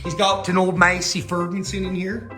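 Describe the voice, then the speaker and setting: A man's voice: high-pitched, completely flat delivery, normal speed, over music. A man, vlogging about his car work in a rowdy, swearing, joking way, tired after a long week. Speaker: vlogger and mechanic. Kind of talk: casual vlog chat.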